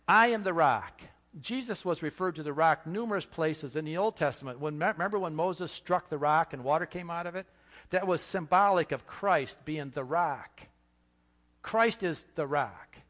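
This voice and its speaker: A man's voice: a little high, a bit bright. Earnest preaching man in a reverberant hall. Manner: earnest preaching with slow emphatic pauses and repetitions. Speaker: pastor. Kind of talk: sermon.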